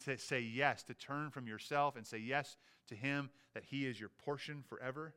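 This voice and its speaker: Bright, clear-voiced man preaching. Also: medium pitch. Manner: earnest preaching, rising to emphatic peaks, dropping to hushed quiet. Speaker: pastor. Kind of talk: sermon.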